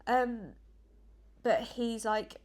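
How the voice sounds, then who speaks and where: A woman's voice: a little high, very slow, a little mellow. A woman vlogging in a casual, rambling, earnest chat to camera, emotional and close to tears at times.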